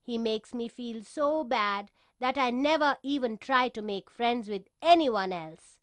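Woman reading as a little schoolboy in a kids story, hurt then firm, kinda high voice. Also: a little slow, dry recording, lightly acted. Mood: timid. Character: upset young schoolboy with curly hair.

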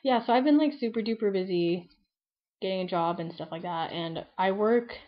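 A young woman of about nineteen rambles cheerfully to her webcam, scattering likes and ums through every sentence. Her voice sits at an ordinary middle pitch. The audio is a bit dull and lo-fi, like a built-in camera mic. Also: moderate pace. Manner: chatty and rambling, heavy use of "like" and "um". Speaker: beauty vlogger. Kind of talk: casual chat to camera.

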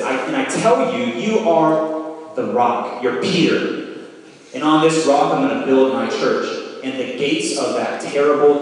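A man giving a sermon, walking his listeners through imagined scenes with vivid storytelling. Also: medium pitch. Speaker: preacher. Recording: roomy hall, mic from far off.

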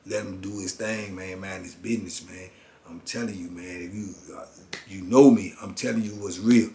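A middle-aged former prisoner recounts a prison story in an interview, his low, mellow voice moving at normal speed with fairly even intonation. He talks in street slang, sprinkling "man" and "you know what I'm saying" throughout.

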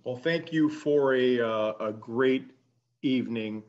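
A man moderating an event, giving halting closing remarks full of fillers. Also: medium pitch. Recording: dull lo-fi audio.

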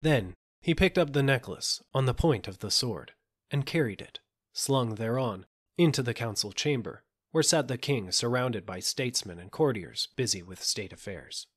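A man narrating a fairy tale audiobook in a measured, gentle storytelling manner. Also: mid-range voice, animated, husky. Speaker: audiobook reader.

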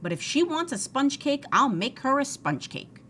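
A woman's voice: sits high, sing-song, normal speed, fairly bright tone, slight background noise, pitched above the performer's own voice. A woman voicing a cheerful, literal-minded housekeeper who talks in a folksy, matter-of-fact way.

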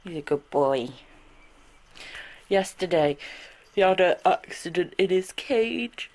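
Slow, singsong young woman. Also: on the low side, expressive, a little mellow. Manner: affectionate, coos at the puppy. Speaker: vlogger and dog owner. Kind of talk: casual home vlog chat. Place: at home indoors.

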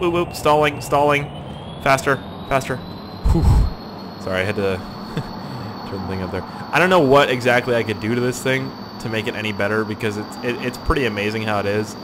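A man giving excitable let's-play commentary on a flight game, swearing and laughing at his own crashes. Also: mid-range voice, noisy background. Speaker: gaming YouTuber.

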